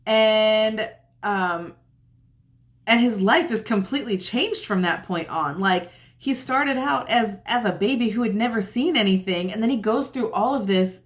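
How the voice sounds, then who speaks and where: A woman's voice: mid-range voice, unhurried. A woman retelling a Bible story in a chatty, casual way, often saying "like" and acting out what the characters say. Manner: chatty, uses "like" often, acts out quotes. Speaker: Bible teacher.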